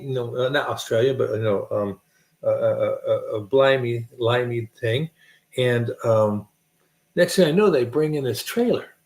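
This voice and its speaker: Gravelly american guy rambling through funny stories, laughs a lot, kinda echoey. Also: medium pitch. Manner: animated, folksy, laughs at his own stories. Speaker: streamer telling stories. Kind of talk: casual rambling anecdote. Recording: roomy echo.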